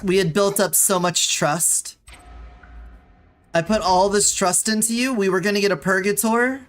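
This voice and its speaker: A woman streaming a game, talking casually to her chat and begging the game for the item she wants. Her voice sits at a middle pitch, exasperated and playful. Faint game music plays behind her. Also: fairly even intonation, measured pace. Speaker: VTuber streamer.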